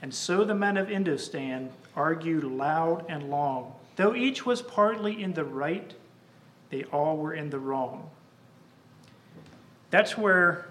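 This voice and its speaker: Slow high-voiced preacher man. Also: fairly bright tone, echoey room, slight background noise. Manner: measured storytelling with dramatic recitation. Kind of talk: sermon illustration.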